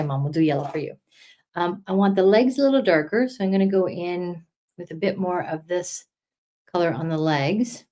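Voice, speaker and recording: Middle-aged woman, friendly chatty craft livestream host, lowish voice, talks to viewers as friends. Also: a little mellow. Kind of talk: casual live-stream chat while coloring.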